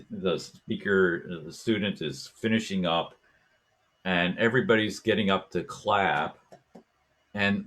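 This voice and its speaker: A man hosting a talk show, telling a story in a casual, animated way and acting out voices and chants as he goes. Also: on the low side. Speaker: podcast host.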